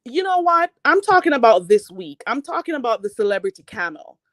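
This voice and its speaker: A woman's voice: a little high, sing-song, brisk, a bit bright, no echo. A woman hosting a commentary channel, ranting in a heated, mocking and profane way. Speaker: YouTube commentary host.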